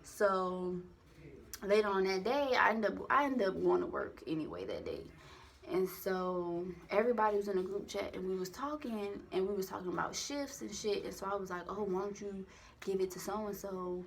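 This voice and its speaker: A woman's voice: medium pitch, moderate pace, vocal fry, a little hiss or hum. A young woman telling a personal story into a phone camera, rambling and candid with lots of profanity and slang. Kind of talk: casual storytime monologue.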